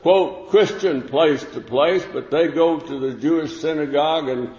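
A man preaching a sermon in a folksy, unhurried way, with fillers and restarts. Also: a little high, darkish tone. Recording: echoey room with long reverb, dull lo-fi sound.

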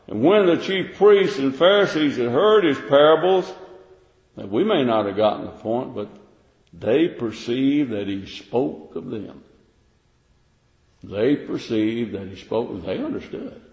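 A man's voice: mid-range voice, expressive, unhurried, darkish tone. A man preaching a sermon in plain, repetitive speech, reading King James verses aloud. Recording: echoey hall, dull lo-fi sound.

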